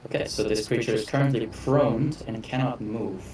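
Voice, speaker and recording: A man running a tabletop game as game master, casual and self-correcting, with quick apologetic asides. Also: mid-range voice, steady tone, a little mellow. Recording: echoey room with faint background music, mic at a distance.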